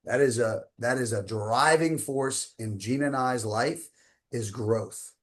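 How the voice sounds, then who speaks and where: A coach in his fifties tells a motivational story in a mid-range, slightly bright voice at a measured pace. His phrasing is emphatic and casual, peppered with slang like "man" and "dude."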